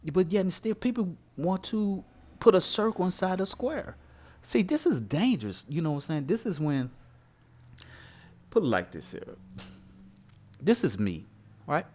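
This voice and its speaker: Man, informal preaching, emphatic, rhetorical, swooping lively pitch. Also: moderate pace, pauses often. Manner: animated, emphatic, rhetorical questions. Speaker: religious commentator.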